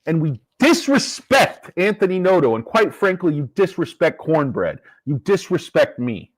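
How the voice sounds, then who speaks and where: Man hosting a stock show, combative and cussing, lively swinging delivery, fairly high voice. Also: moderate pace, breathy edge. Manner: profane, combative. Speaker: stock market commentator. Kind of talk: casual investing rant.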